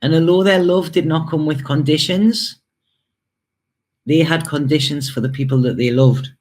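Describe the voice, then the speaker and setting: A man's voice: a little high, moderate pace, a little mellow. A man giving an intuitive tarot and spirit reading to camera. He talks hesitantly, repeating words and stopping for emotional asides. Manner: hesitant and repetitive, with many fillers and emotional asides. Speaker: tarot reader.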